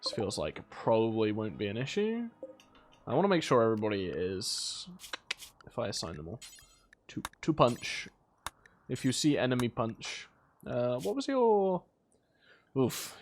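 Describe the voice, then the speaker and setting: A man's voice: medium pitch, very animated, moderate pace, pauses often, slight background noise. A British man casually commentating a colony game, rambling about side topics and scolding his characters in exasperation. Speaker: gaming video host. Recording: faint game music behind.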